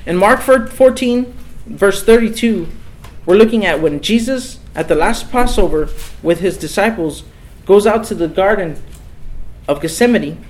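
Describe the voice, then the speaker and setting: A man's voice: sits high, a little mellow, rough recording. A man preaching a sermon in an earnest, emphatic way, repeating key phrases for weight.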